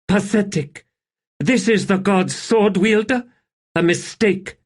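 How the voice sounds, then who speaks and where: A man's voice: on the high side, big pitch swings, unhurried, pitched above the performer's own voice. A man voicing a sneering haughty woman. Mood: scornful. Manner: scornful, cutting. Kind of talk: audiobook character voice.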